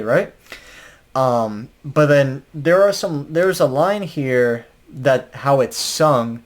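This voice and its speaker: A man talks through an album review in an easygoing, unscripted way. He trips over his words, fills gaps with "uh" and "like", and lets out a chuckle now and then. His voice sits at an ordinary, mid-range pitch. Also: measured pace. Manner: rambling, many fillers and restarts; chuckles while talking. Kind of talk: casual spoken review.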